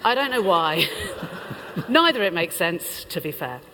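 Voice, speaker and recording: This UK woman's voice is lowish, sing-song and sharp in tone, and she takes her time as she gives a chatty, playful conference talk with laughter between lines in British English. The big hall echoes around her, and a little hiss or hum sits under the recording.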